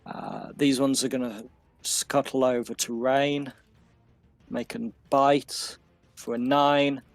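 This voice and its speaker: A man narrating a tabletop game as game master, unhurried and loose, with many fillers. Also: mid-range voice, little pitch movement, no echo.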